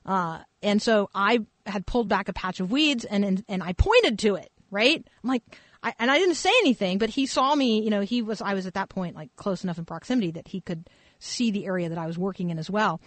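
A woman's voice: a little high, no echo. A woman preacher telling a story in a dry room. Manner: casual, animated storytelling with fillers. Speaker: pastor. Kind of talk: conversational sermon storytelling.

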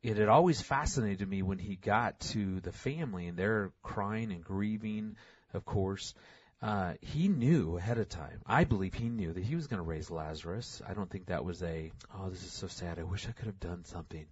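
A middle-aged man talking casually about fatherhood, animated, acting out quoted lines in a raised voice. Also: deep voice, normal speed, breathy edge, no echo, dull audio. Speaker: podcast co-host, father. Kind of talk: casual conversational storytelling.

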